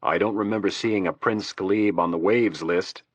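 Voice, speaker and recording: A clipped, commanding Secret Service agent, as a narrator plays him presses hard and fast. His voice sits low with a husky edge. The room sound is dry. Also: no echo. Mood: urgent. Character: urgent male Secret Service agent in charge.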